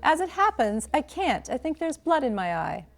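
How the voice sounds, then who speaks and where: A dry, deadpan young man voiced by a woman reading aloud, understated in every line. His voice sits a little high for a man. The telling is plain and unhurried, like a book being read to listeners.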